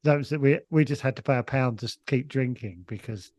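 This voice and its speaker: A man's voice: medium pitch, fairly quick, darkish tone, no room sound. Rambling man telling a story. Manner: rambling storyteller with frequent restarts and laughs. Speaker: comedian guest. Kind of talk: casual anecdote.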